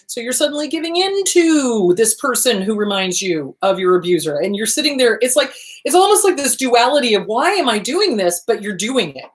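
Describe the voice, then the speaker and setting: Give me a middle-aged woman therapist talking casually and animatedly about trauma, in a middle-range voice. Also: mid-range voice. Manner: animated, chatty, frequent laughs and asides. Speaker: therapist and show host. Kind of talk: casual educational talk.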